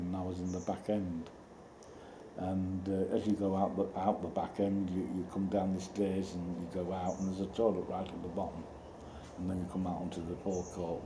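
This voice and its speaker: A man with a fairly low voice tells a long rambling personal story. He halts, restarts and suddenly bursts out. Behind him there is a roomy echo and loud outdoor noise with insects. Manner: rambling, halting, with many restarts and sudden outbursts.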